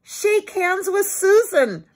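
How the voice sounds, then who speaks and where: A woman's voice: very high voice, very animated, takes it slowly, voice pushed up, full character voice. A woman voicing an eager, cheerful little boy while reading a children's storybook aloud. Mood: excited. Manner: bright, pleading, storybook read-aloud.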